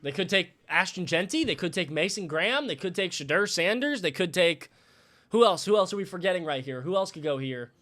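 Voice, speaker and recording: High, bright-voiced male streamer. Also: animated, brisk. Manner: rambling, thinks aloud, thanks viewers for subs. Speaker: live stream host. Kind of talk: casual live reaction commentary.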